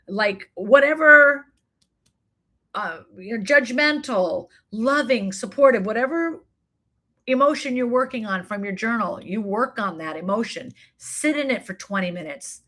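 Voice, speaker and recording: A woman with a slightly high, sharp voice and lively intonation answers chat questions during a live online class. She's an acting coach and talent manager, emphatic and encouraging, who rattles off quick lists.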